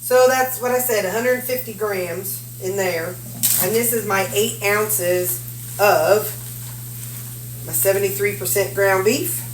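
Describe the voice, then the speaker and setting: A woman's voice: mid-range voice, slight background noise. A middle-aged woman from Missouri, chatting folksily to herself and her viewers as she measures and cooks in her home kitchen. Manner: folksy, talks to herself while measuring and cooking. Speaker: cooking vlogger. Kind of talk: casual cooking chat. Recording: roomy kitchen, mic at a distance. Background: clinking dishes and cutlery.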